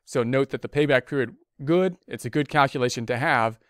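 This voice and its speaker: Male accounting instructor, casual step-by-step spreadsheet walkthrough, smooth clear voice, dry close recording. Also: mid-range voice, fairly quick, fairly bright tone, no room sound. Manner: talks through keystrokes step by step, casual and repetitive. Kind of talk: screen-recorded spreadsheet lesson.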